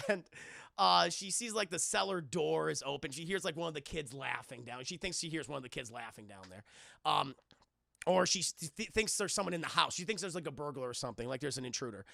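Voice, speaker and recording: A man's voice: on the high side, animated, a little fast, gravelly, sharp tone, dry recording, studio quality. A man doing a crude, joking recap of a horror film for a stream, acting out scenes and laughing often.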